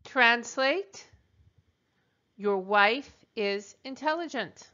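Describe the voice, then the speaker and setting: A woman teacher leading a recorded translation drill, speaking slowly and deliberately with pauses. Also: fairly high pitch, animated, sharp tone, highs cut off. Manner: slow, deliberate dictation with pauses. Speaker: French teacher.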